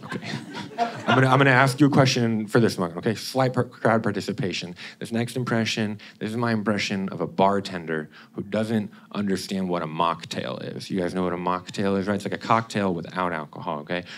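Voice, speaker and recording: A man doing a stand-up comedy set on a cabaret club stage, animated and laughing between bits, setting up goofy deadpan impressions. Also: low-pitched. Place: cabaret club stage before a live audience. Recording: live club recording with audible noise.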